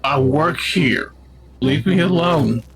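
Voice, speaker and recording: A man's voice: fairly high pitch, takes it slowly, husky. A man streaming a video game, giving casual, jokey commentary and riffing on what happens on screen. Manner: goofy and jokey, riffs on the game.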